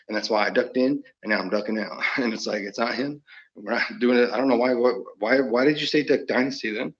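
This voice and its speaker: A man rambles on in a loose, meandering monologue, chuckling between thoughts and dropping into other people's voices. His pitch sits in an ordinary middle range. The recording is dull and lo-fi. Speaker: channel host.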